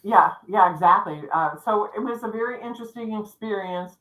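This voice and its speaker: Chatty woman with a bright voice in an echoey room. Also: medium pitch, brisk. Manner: chatty, lively, acts out dialogue. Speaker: psychic co-host. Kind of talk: storytelling in casual chat. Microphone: livestream setup.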